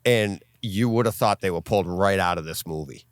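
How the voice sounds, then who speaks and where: A man with a Boston accent chatting on a podcast, his voice on the low side. He rambles through animated stories. The sound is dry and close. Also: a little fast, clean tone, no echo. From Boston area. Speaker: podcast co-host. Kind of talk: casual chat.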